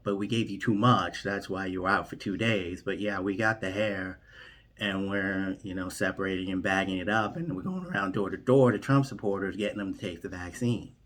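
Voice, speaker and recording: A man voicing an older male leader who explains things in a calm, rambling, offhand way. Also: low voice.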